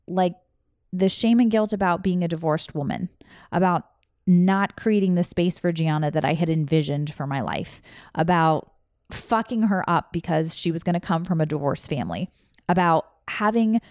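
A woman's voice: on the low side, dry recording, clean studio sound. A woman in her thirties telling a raw personal story, candid and emotional, swearing freely. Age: 30s.

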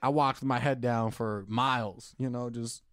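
A man's voice: medium pitch, fairly even intonation, measured pace, fairly bright tone, smooth, no room sound, studio quality. A young man co-hosting a casual podcast chat, laid-back and joking. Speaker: podcast co-host.

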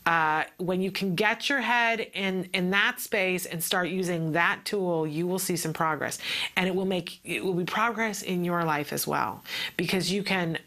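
A woman talks through parenting advice in a relaxed, teaching way, with a bright, clear tone that sits a little low. She tells her story with energy and briefly slips into the voices of the people in it. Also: unhurried. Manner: expressive storytelling, acting out quotes. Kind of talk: casual teaching talk.

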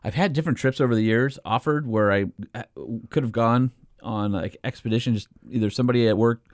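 A man's voice: medium pitch, fast talker, dry recording, clean studio sound. A man co-hosting a podcast in casual, joking chat, laughing often and reading listener emails. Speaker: podcast co-host.

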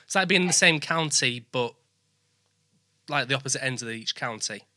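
Bright-voiced Yorkshire man hosting a chat. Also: mid-range voice, expressive, moderate pace, no echo, clean studio sound. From England, West Midlands. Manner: chatty, laughs often, restarts sentences. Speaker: host. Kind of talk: casual chat on a live stream.

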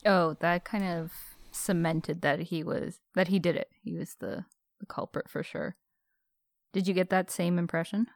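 A woman's voice: on the low side, fairly even intonation, normal speed, dry recording, studio quality. A woman co-hosting a casual podcast, giving her reactions in a chatty way with frequent restarts and laughs. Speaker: podcast co-host. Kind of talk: casual chat.

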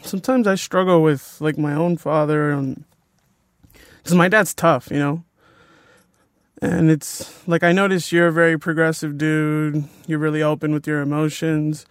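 A man hosting a podcast, asking relaxed, curious questions and reading scripted narration. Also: a little high, normal speed, clear, resonant tone, no room sound, studio quality. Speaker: podcast host. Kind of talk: casual interviewing and scripted narration.

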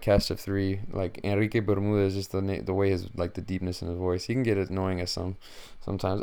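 A man hosting his own podcast, rambling along casually and joking between fillers. His voice sits low, with a gravelly edge that stays smooth and clear. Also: a little mellow. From Mexican-American. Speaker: podcast host. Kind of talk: casual solo chat.

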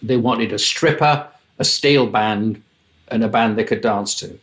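An older man, a music manager, telling wry, lively anecdotes in an interview and acting out the voices in his stories. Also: lowish voice, measured pace. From England. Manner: wry, lively raconteur, mimics voices in quotes.

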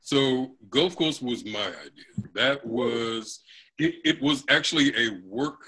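Slow, husky man, halting. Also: medium pitch, animated, pushed and bright, poor audio. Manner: halting, lots of fillers and restarts. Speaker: comic shop co-owner, guest. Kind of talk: casual chat.

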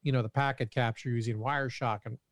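A man's voice: medium pitch, fairly even intonation, fast, no echo, clean studio sound. A man co-hosting a casual tech podcast, joking around and restarting his sentences. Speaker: podcast co-host.

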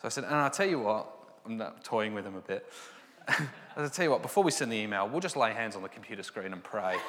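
A man giving a personal Christian testimony, storytelling and acting out the dialogue. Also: lowish voice. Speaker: Christian speaker sharing testimony. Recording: long hall reverb.

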